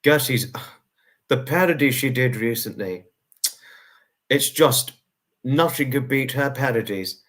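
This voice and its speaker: A man hosts a live stream and reads out his chat, greeting and thanking each viewer in turn. His voice sits at an ordinary medium pitch. He is effusive and repeats himself, slowing down to linger on people's names. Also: expressive, fairly bright tone. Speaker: livestream host.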